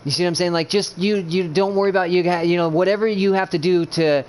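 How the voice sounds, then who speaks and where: A man's voice: sits high, fairly even intonation, fast talker, a little mellow, a little hiss or hum. A man in casual voice chat coaching his gaming teammates, blunt and profane, rambling through restarts and often checking that he is understood. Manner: earnest, keeps checking he is understood.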